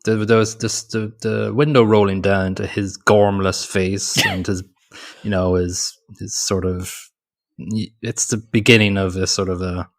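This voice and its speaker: Low gravelly man chatting about movies. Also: level tone, unhurried. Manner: rambling, hesitant, many restarts. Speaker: podcast co-host. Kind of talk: casual movie podcast chat.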